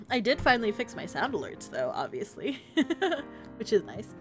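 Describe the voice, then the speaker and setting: Woman streamer, playful and giggly, a bit high-pitched, quiet music under her. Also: huge pitch swings, unhurried. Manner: giggly and playful, laughs often. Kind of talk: casual stream commentary while reading a visual novel. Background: faint music.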